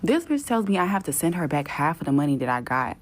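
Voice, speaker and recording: A woman's voice: low voice, very animated. A woman telling a travel story as a casual, exasperated rant, cursing freely and mimicking the people she dealt with. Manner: profane, exasperated, mimics others in quick asides.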